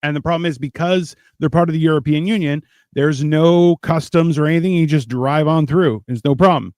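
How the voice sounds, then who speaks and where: A man's voice: on the high side, a little fast, a little mellow, no echo. A man on a podcast, ranting in a casual, profane way and mocking others in put-on voices. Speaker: podcast co-host.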